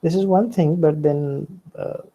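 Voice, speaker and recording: Slow, gravelly-voiced male lecturer. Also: fairly high pitch, steady tone, warm tone, dull audio. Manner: deliberate, repeating example words and starting points with "See". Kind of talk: recorded lecture on pronunciation.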